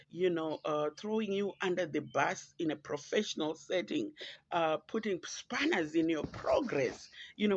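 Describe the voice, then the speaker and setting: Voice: medium pitch, vocal fry, dry recording. A podcast host from Zimbabwe, with a Zimbabwean accent, giving earnest, reflective and pointed solo commentary. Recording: dull lo-fi, dry.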